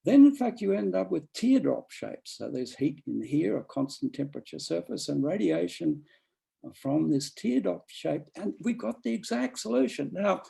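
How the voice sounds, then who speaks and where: A man's voice: on the high side, animated, normal speed, creaky, warm tone, breathy edge, low-quality recording. A man giving an academic seminar talk, rambling with frequent restarts and fillers. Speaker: lecturer.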